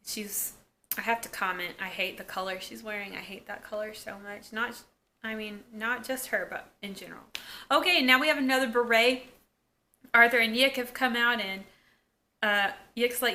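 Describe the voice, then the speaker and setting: A woman's voice: mid-range voice, moderate pace, pushed and bright, slight background noise. A woman casually recapping a TV episode, retelling scenes through quoted lines with wry asides. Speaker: episode reviewer.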